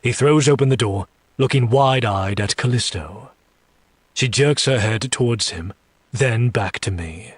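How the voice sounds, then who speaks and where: A man narrating a dark romance audiobook, reading slowly and seductively and voicing a demon in first person. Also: medium pitch, breathy edge, no room sound.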